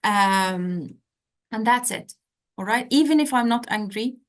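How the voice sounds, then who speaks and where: A woman's voice: fairly high pitch, a little slow. A woman tutor giving direct, coaching feedback in an online session, often checking in with "okay?", heard over a video call. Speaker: medical exam tutor.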